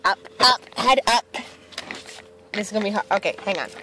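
A woman's voice: medium pitch, a little fast, pushed and bright, slight background noise. A young woman filming a casual home video, chatting and coaxing her dog along. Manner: chatty, coaxing pet talk.

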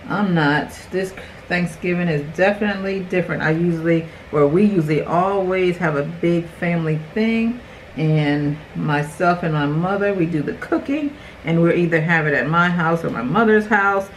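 A woman's voice: lowish voice, moderate pace, slight background noise, poor audio. Chatty woman doing a makeup tutorial. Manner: chatty, talks straight to viewers. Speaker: beauty vlogger.

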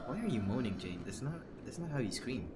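A man's voice: mid-range voice, very animated, fairly quick, heavy background noise. A man commentating a horror game, jumpy and nervous, rambling jokes to his viewers, his throat sore from screaming. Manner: jumpy, nervous, shrieks and gasps when scared; rambling, jokey self-talk to viewers. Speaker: game streamer.

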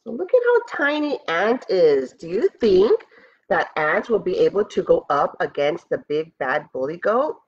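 A woman teacher reading a picture book aloud to students, slow and expressive, stopping to ask them questions. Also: fairly low pitch, husky. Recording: dull lo-fi audio.

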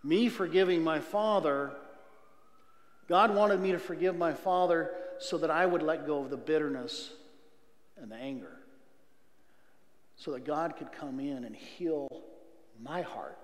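A middle-aged man giving a church testimony, earnest, swinging from loud outbursts to near whispers. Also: a little high, animated, measured pace, pauses often. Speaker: guest speaker giving testimony. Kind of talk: testimony sermon. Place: church sanctuary. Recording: echoey church hall reverb.

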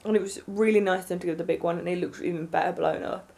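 A young woman vlogging, telling a story in an excited, rambling way with lots of fillers. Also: lowish voice, fast talker, creaky. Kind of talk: casual storytelling to camera.

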